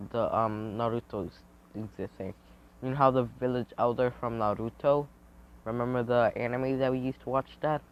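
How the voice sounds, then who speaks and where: Man, improvised fan story, rambling and hesitant, middle pitch, muffled lo-fi audio. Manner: rambling, hesitant, with many restarts. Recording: dull lo-fi recording.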